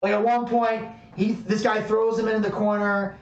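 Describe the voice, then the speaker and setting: A man co-hosting a podcast tells a story casually, full of fillers and swearing. His high-pitched voice keeps a level tone at normal speed, and the audio is dull, recorded in an echoey room on a distant mic.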